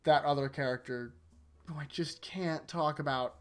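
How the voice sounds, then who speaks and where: A man's voice: on the high side, normal speed, soft background music. A man hosting an anime rewatch, recapping episodes in a rambling, casual way full of fillers. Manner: rambling, filler-heavy, animated retelling.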